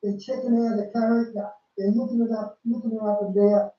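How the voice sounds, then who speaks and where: A man's voice: high-pitched, little pitch movement, brisk. A man giving casual, emphatic religious commentary, repeating and restarting his phrases. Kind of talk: casual preaching commentary on a film. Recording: dull, lo-fi, roomy sound from a distant mic.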